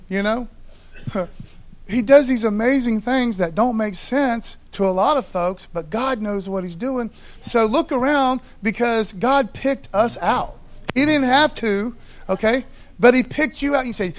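A man's voice: very high voice, a little slow. A man preaching a sermon in a loose, conversational way, often checking in with the congregation. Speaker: pastor.

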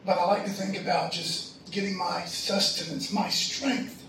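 A man's voice: high-pitched, steady tone, unhurried, sharp tone, slight background noise. A middle-aged man preaching a sermon, telling a personal story in a loose, slangy, conversational way. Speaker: pastor. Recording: echoey room from far off.

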